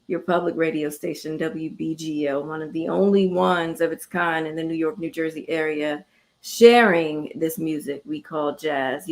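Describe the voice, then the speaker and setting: A woman radio host with a slightly low voice, gushing and quick to laugh. She chats with a guest on her jazz show and reads out the closing pledge details. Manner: effusive, laughs often. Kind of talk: radio interview and sign-off.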